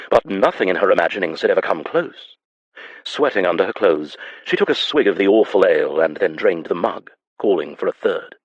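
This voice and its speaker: A man reading a historical romance audiobook in a measured, even manner. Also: deep voice, no echo, highs cut off. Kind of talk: scripted audiobook narration.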